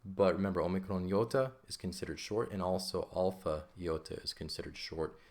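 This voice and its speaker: A man's voice: deep voice, brisk, darkish tone. A man teaching an ancient Greek lesson in a patient, casual way, often checking in with "okay?". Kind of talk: casual lesson explaining grammar.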